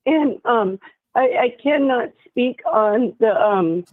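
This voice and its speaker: Halting woman in her fifties on a phone line. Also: a little high, animated, no echo. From Tennessee. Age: 50s. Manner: halting, searching for words, emotional. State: slightly slurred speech after a mild stroke. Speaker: caller. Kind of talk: call-in chat on a live stream. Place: hospital room. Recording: tinny dry phone line.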